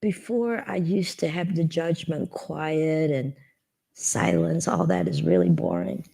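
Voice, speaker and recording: A woman in a reflective spiritual conversation, speaking slowly in soft, half-whispered phrases. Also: deep voice, lively intonation, vocal fry, slightly rough. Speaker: participant in the session.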